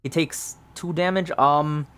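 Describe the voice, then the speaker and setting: A man's voice: on the high side, steady tone, takes it slowly, fairly bright tone, clear, resonant tone. A man casually narrating a solo tabletop game, thinking aloud through dice rolls with plenty of ums.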